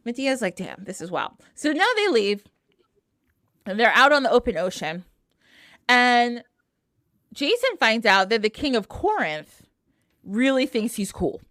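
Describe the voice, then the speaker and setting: A woman's voice: on the high side, fairly bright tone, no room sound. Brief: woman, casual slangy myth retelling, dry close sound. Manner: slangy, laughing, acts out characters. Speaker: podcast co-host.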